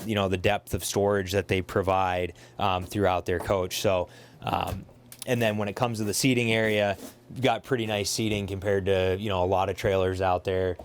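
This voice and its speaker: A man's voice: fairly low pitch, slight background noise. A man hosting a casual walkthrough of a trailer, talking eagerly with lots of fillers and restarts. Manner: eager, filler-heavy, self-correcting. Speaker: dealership host showing a trailer.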